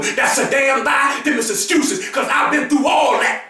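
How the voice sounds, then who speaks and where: A man with a very high-pitched voice delivers a fiery motivational monologue, hammering points home with repetition and shouts. He sounds set back from the mic in a strongly echoing room. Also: normal speed. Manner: preachy, emphatic, repeats phrases and often raises to a shout. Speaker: motivational speaker. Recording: very echoey room, voice far from the mic.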